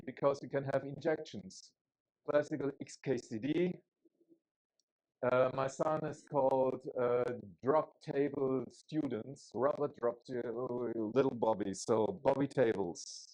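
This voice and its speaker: A man's voice: mid-range voice, a little mellow, low-quality recording. A man from Germany with a German accent, giving a chatty, joking technical talk at a conference, with frequent fillers and restarts. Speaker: conference speaker.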